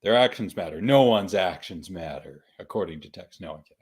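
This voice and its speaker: A man's voice: deep voice, expressive, brisk, darkish tone, breathy edge. A male podcast host in casual chat. He jokes, laughs often and repeats himself as he steers the show.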